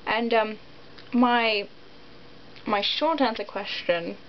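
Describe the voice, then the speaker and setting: A woman's voice: on the high side, slow pace. A young American woman vlogging in a rambling, giggly way, full of ums and likes. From United States. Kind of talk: casual chat to camera. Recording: dull lo-fi sound with faint noise.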